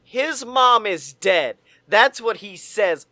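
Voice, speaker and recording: High-pitched guy laughing thru a movie recap, sharp bright tone, swears a lot. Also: slow, no echo. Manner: laughing, animated, swears freely. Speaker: podcast co-host. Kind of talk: casual movie review chat.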